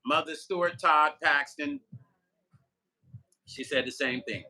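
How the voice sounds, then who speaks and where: A man's voice: a little high, slow, sharp tone. An older man vlogging live and chatting loosely with viewers, joking and talking straight to his chat. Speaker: musician vlogger. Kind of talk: casual livestream chat reading viewer comments.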